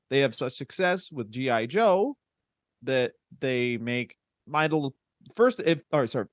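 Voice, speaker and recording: A man's voice: mid-range voice, no room sound, clean studio sound. A man co-hosting a casual comedy podcast, explaining history with wry jokes and laughter. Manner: laughing, wry storytelling with swearing. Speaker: podcast co-host.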